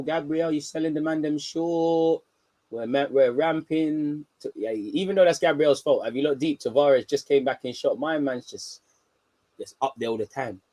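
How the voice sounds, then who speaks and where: A young man hosting a live football watchalong, talking in slang and swinging from low muttering to excited shouts. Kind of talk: live match reaction commentary.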